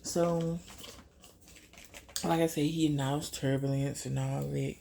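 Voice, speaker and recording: A woman's voice: sits low, slow, vocal fry, a little hiss or hum. A young woman vlogger, chatting casually through a storytime while doing her makeup and acting out what people said. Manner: chatty, animated retelling with quoted asides.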